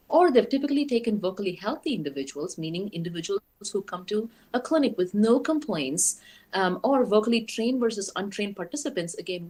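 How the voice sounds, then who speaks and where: A woman giving an academic lecture in a lively, explanatory way, posing rhetorical questions to the audience. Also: on the low side. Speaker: guest lecturer.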